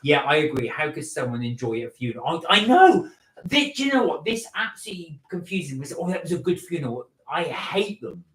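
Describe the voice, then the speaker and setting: A man co-hosting a casual live stream, reading viewer comments aloud and reasoning things out in a measured way. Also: fairly high pitch, sing-song, a bit bright, echoey room, low-quality recording.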